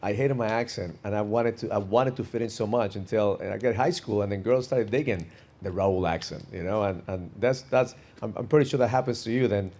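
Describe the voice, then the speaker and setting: A man's voice: on the low side, fairly quick, a little mellow. A man hosting a podcast, talking energetically and emphatically, often repeating words. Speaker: podcast host. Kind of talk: conversational interview.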